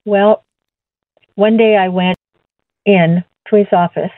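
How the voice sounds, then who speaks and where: A woman giving an earnest personal faith testimony as an interview guest, halting and repeating words as she goes. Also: mid-range voice, steady tone, no room sound. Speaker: guest sharing her testimony. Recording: tinny phone line, dry.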